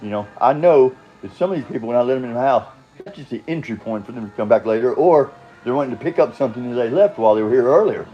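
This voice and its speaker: A man's voice: medium pitch, expressive, quick pace, muffled recording. An older man telling his own story in a rambling, casual monologue, blunt and profane, chuckling and drifting off on tangents.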